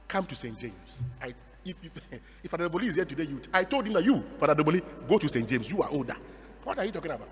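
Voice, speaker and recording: A man's voice: sits high, big-room sound. A middle-aged man with a Ghanaian English accent, a Catholic priest preaching a homily and acting out the dialogue of his story. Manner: animated storytelling, acts out the dialogue, laughs often.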